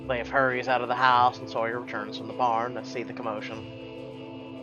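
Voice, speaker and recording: This YouTuber reads through a story game and banters in a relaxed, jokey way, cursing freely, with music playing underneath. He speaks at a moderate pace in a medium pitch with fairly even intonation, captured in dull lo-fi sound.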